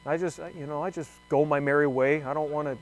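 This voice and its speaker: A man's voice: a little high, fairly even intonation, fast talker, faint music behind. Rambling young man telling a story. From Thunder Bay, Canada. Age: young adult. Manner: rambling, conversational, wry. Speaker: segment presenter. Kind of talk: comic monologue to camera.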